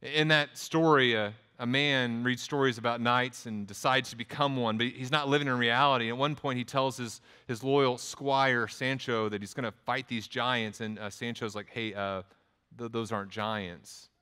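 Male Texan preacher, mid-pitched, chatty sermon delivery, long room reverb. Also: steady tone, normal speed, few pauses, sharp tone, clean tone. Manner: conversational preaching with restarts and quoted asides. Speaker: pastor.

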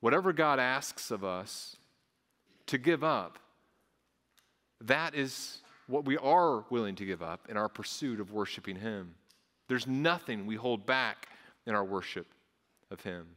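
A man's voice: mid-range voice, lively intonation, measured pace, long pauses, fairly bright tone, long reverb tail. A man, a pastor, preaching a sermon earnestly, often repeating his words as he goes. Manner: earnest, repeats words, acts out voices of onlookers.

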